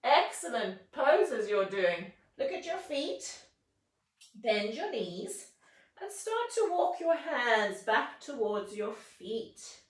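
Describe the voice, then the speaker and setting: A woman's voice: on the high side, very animated, slow pace, distant mic. A woman leading a children's yoga class, with encouraging, playful, sing-song instructions. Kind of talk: guided kids' yoga class. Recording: echoey room, voice from afar.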